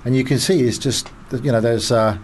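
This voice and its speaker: Radio guest guy, hint of south african accent, middle pitch, stumbles and restarts a lot, bit of hiss. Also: steady tone, a little mellow. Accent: slight South African tinge. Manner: storytelling, halting with fillers and restarts. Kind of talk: anecdotal interview talk.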